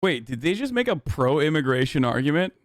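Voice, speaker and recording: A man's voice: on the high side, very animated, brisk, dry recording. Blunt profane streamer man, dry close mic. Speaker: streamer reacting to a video. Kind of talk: casual live-stream commentary.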